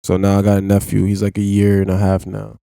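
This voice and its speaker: Blunt, slangy young man with a mellow voice. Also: lowish voice, completely flat delivery, fast talker, gravelly, clean tone, no echo, clean studio sound. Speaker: podcast guest. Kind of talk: casual chat.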